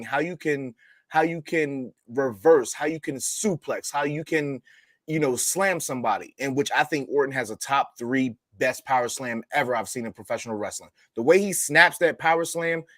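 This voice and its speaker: A man co-hosting a wrestling podcast in casual chat, chiming in with quick, playful banter. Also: a little high, no room sound. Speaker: podcast co-host.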